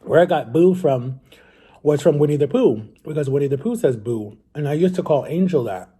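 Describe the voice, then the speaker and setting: Male vlogger, dark and breathy tone, loose rambling storyteller talking to the camera. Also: a little high, animated, moderate pace. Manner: rambling, chatty, often addresses viewers as guys. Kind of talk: casual storytelling to viewers.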